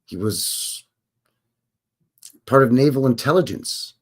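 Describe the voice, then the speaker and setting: A man's voice: medium pitch, animated, slow. A man hosting a live stream, reading song lyrics aloud and explaining them in a chatty, casual way. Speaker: host.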